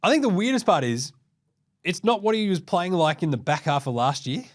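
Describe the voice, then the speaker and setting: A man's voice: sits high, lively intonation, fairly quick. A young man hosting a basketball show, rambling and swearing as he acts out players in silly voices. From Australia. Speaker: basketball podcast host. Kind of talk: casual sports commentary.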